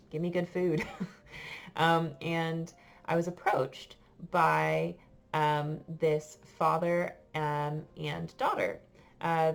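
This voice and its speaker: An American woman, a French teacher, telling a story to her class in a chatty, halting way with many fillers. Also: deep voice, creaky. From United States.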